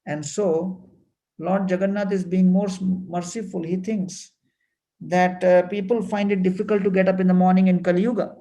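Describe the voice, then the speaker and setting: A man giving a devotional talk, explaining temple wonders in an unhurried way with frequent fillers. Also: high voice, flat delivery, warm tone, rough recording. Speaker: temple speaker.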